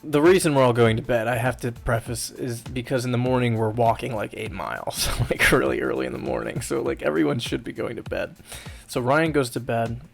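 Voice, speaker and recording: A man's voice: mid-range voice, a little fast, gravelly, few pauses, faint music behind. A man co-hosting a podcast, telling a story in a casual, profane way and laughing as he goes. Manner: profane, laughing storyteller doing friends' voices. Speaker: podcast co-host.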